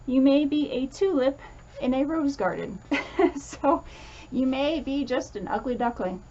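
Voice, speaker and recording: A woman's voice: high voice, animated, measured pace, darkish tone, muffled recording. A woman teaching a casual lesson, chatty and full of fillers, acting out comforting quotes as she explains.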